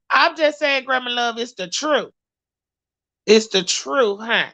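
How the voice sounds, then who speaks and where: Woman gossip vlogger, AAVE, bright punchy voice, dry close recording, profane and sassy. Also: fairly high pitch, unhurried, dry recording. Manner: sassy, profane, animated storytelling. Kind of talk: casual commentary to viewers.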